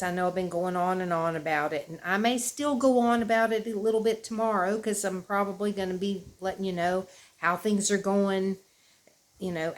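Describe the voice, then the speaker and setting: A woman, talking casually and emotionally to her viewers at home, rambling in a tender way. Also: medium pitch. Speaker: vlogger. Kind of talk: casual chat to camera. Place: at home indoors.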